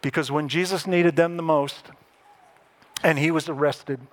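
A man preaching a sermon as a pastor, conversational with wry asides and lively emphasis. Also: fairly high pitch, unhurried.

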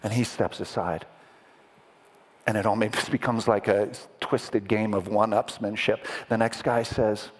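A man's voice: fairly low pitch, steady tone, unhurried, big-room sound. Dramatic storytelling preacher man. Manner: dramatic, movie-trailer narration with vocal sound effects. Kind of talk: sermon storytelling.

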